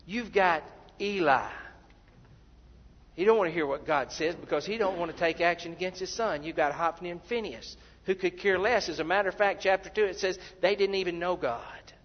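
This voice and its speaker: Male preacher, high voice, acts out quotes, dull lo-fi sound. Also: normal speed. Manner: acts out quoted voices, repeats words when excited. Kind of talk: sermon. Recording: dull sound in a big reverberant hall.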